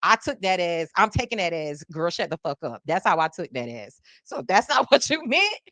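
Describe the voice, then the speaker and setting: A woman's voice: mid-range voice, big pitch swings, normal speed, bright, forceful tone, dry recording. A woman hosting a casual live podcast, talking animatedly and speaking directly to her viewers. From South Florida. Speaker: podcast host.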